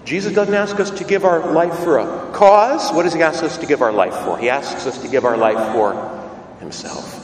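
Priest preaching in an echoey church. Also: male voice, fairly high pitch, brisk, few pauses, a little hiss or hum. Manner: conversational, asks the congregation frequent rhetorical questions. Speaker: Catholic priest. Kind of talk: homily during Mass. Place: large church. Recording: echoey church hall from far off, faint ambience.

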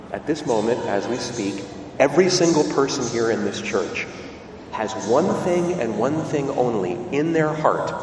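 A man delivers a lively sermon with a pitch that swings up and down. He is heard from a distance, and his voice rings through a roomy church with a long reverb trail. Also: noisy background. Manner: animated, questioning, emphatic repetition. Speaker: preacher. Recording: echoey church, voice from far off.

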